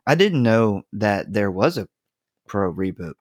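A man's voice: on the low side, sing-song, unhurried, no room sound. A man hosting a podcast in casual, jokey chat, speaking close into a podcast microphone. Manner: laid-back, jokey, prone to giggling. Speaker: podcast host. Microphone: studio podcast mic.

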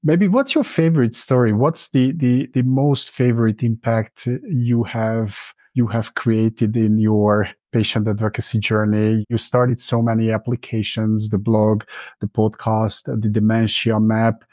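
Mellow, halting male podcast host. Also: fairly low pitch, fairly even intonation, no echo. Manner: halting, searching for words. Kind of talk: podcast interview.

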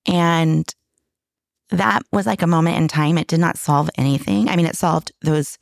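A woman's voice: deep voice, normal speed, creaky, no echo, studio quality. A middle-aged woman telling a candid personal story in casual conversation, emotional and full of restarts. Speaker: guest.

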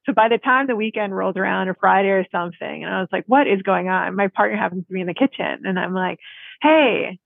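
A podcast host telling a personal story in a lively, laughing way. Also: mid-range voice, quick pace, vocal fry, few pauses, no room sound. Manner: animated storyteller, laughs easily. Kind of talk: casual conversation. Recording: tinny phone-like line.

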